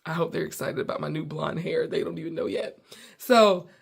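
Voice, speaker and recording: Deep, creaky, and slightly rough, this American woman's voice moves fairly quickly. She's a comedian and podcast host spinning a story in a casual, playful, animated way, acting out the dialogue as she goes.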